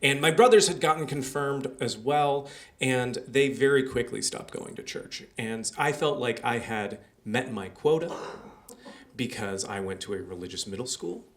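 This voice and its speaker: A man's voice: medium pitch, moderate pace. A man telling a personal story on a small theater stage in a plain conversational way. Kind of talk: live storytelling.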